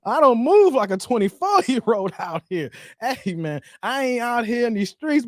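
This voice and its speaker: This man in his 40s has an extremely high voice with big pitch swings and a slightly slow pace, recorded in studio quality without room sound. As a YouTube host on a relaxed live stream, he reads viewer comments, laughs a lot and jokes around, repeating "hey, man."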